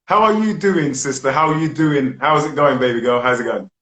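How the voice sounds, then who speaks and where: A man hosting a live film review chat, speaking in a preachy, animated way. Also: mid-range voice, fairly quick, echoey room, low-quality recording. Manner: preachy and animated, leads call-and-response chants. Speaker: host.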